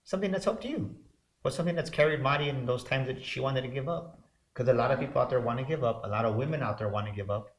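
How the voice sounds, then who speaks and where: A man's voice: medium pitch, fast talker. A man co-hosting a motivational talk show, speaking fervently with repeated, preacher-like build-ups. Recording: roomy echo.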